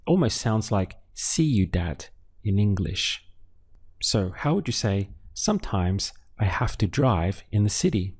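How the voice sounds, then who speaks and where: Slow, patient, low-voiced man teaching. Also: big pitch swings, a little mellow, husky. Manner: patient, asks questions then pauses for answers; spells out syllables slowly. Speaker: Spanish teacher. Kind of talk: slow step-by-step language lesson.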